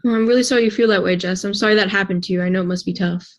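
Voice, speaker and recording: Teen girl, mid pitch, quick and earnest, explaining a role-play. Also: steady tone. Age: teens. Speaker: student board member.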